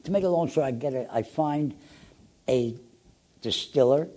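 A man's voice: medium pitch, normal speed. A man being interviewed as a guest in a radio studio, telling stories with gusto and acting out the dialogue in different voices. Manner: acts out dialogue with lively voices. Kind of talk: animated anecdotal storytelling.

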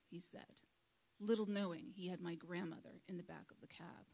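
A woman giving a prepared public talk to a live audience, speaking in a measured, earnest way into a microphone. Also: lowish voice, steady tone, vocal fry, a little mellow, low-quality recording. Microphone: microphone at a lectern.

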